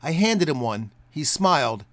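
A man narrating a documentary report in a measured storytelling way. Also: a little high, very animated, a bit bright, slight background noise.

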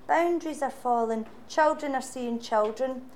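A Scottish woman delivering a rousing political speech, her voice sitting a little high. She builds points through repetition and biting sarcasm. Faint ambient noise hangs behind her. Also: moderate pace, a little mellow. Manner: rousing, sarcastic rhetorical speaking. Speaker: political speaker. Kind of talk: impassioned public speech.

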